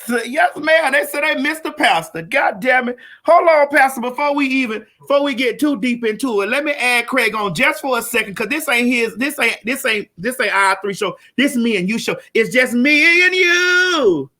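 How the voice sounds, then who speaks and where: A woman hosting a live-streamed comedy talk show, loud, brash and profane, hollering at her audience. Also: a little high, animated, moderate pace, hardly any pauses. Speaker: host.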